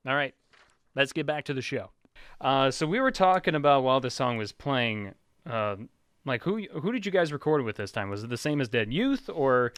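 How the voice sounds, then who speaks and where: A man's voice: medium pitch, animated, moderate pace, a bit bright, clean tone, dry recording. A man hosting a casual podcast, telling stories in a rambling way and laughing often. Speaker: podcast host.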